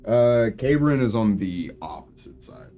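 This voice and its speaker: A man's voice: medium pitch, very animated, measured pace, mellow. A man running a tabletop game as game master, dry and teasing, with faint music behind.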